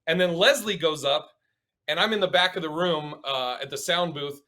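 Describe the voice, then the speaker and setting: An animated comedian from the Pacific Northwest spins stories from the stage in a relaxed sit-down chat. His voice is bright and a bit forceful. He sits slightly high for a man. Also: moderate pace. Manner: animated, laughing, acts out quotes. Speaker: stand-up comedian, guest. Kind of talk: casual interview storytelling.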